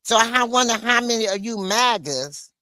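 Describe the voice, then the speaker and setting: A woman livestreaming an angry political rant, blunt and swearing, with a slow, deliberate delivery. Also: on the high side, expressive, bright, forceful tone, dry recording, studio quality.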